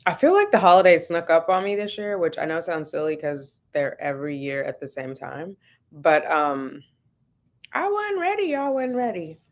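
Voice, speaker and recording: Brief: relaxed woman on a home livestream, slightly low pitch, chatty and easygoing, laughs easily. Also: normal speed. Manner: chatty and laid-back, laughs often, greets viewers by name. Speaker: vlogger hosting a livestream. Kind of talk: casual livestream chat greeting viewers.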